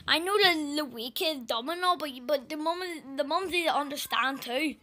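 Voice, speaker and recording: A woman's voice: high voice, a little slow, sharp tone. A young woman giving blunt, casual reaction commentary over a clip, stumbling and restarting as she talks. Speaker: reaction video host.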